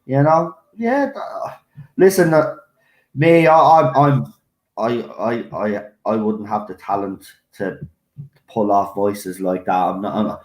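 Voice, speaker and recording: A man's voice: on the low side, takes it slowly, a little mellow. A man on a stream as a guest, giving blunt opinions in casual chat, often restarting. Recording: echoey room.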